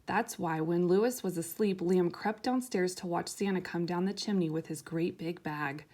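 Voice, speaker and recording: A woman reading a children's picture book aloud in a gentle, soft, unhurried way. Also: fairly low pitch. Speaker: storyteller.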